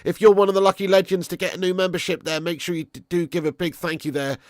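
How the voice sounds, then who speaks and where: A young man hosting a casual live stream, bantering excitedly with chat, swearing and laughing. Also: high voice, fast, dry recording, studio quality. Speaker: livestream host.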